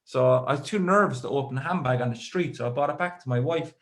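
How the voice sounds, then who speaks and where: A young Irish man doing stand-up comedy, his voice of middle pitch. He tells a long personal story in a rambling, self-deprecating way and drops deadpan asides between the details. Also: fast talker. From Ireland. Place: live comedy show with audience.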